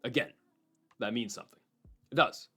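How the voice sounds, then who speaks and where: Guy doing mma picks on his channel, fired up and opinionated, mid-pitch voice, does little impressions. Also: husky, faint music behind. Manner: animated, opinionated, mimics people in quick asides. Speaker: MMA prediction channel host. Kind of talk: solo fight-prediction commentary.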